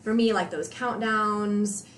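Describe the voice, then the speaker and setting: A woman's voice: medium pitch, slow, echoey room, slight background noise. A woman guest on a podcast, chatting casually about her training and acting out the things she and her coach said. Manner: animated, acts out quoted exchanges. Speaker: podcast guest, CrossFit athlete. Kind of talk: casual conversational storytelling.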